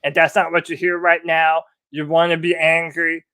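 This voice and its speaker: A man's voice: fairly high pitch, little pitch movement, moderate pace, sharp tone, smooth. A man co-hosting a sports podcast, fired up and giving a pep talk. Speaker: podcast co-host.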